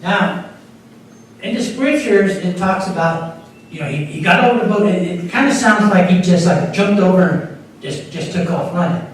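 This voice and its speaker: A man's high-pitched voice, at normal speed, carries a conversational sermon by this associate pastor, with small restarts and repeats. Picked up from afar in an echoey sanctuary, the audio has a little hiss or hum.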